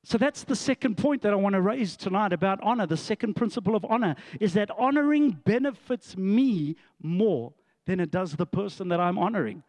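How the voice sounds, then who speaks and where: A man's voice: high voice, expressive, a little fast, hardly any pauses, darkish tone, no echo. A middle-aged man, a pastor telling a story to his congregation in a sermon, with asides and laughs.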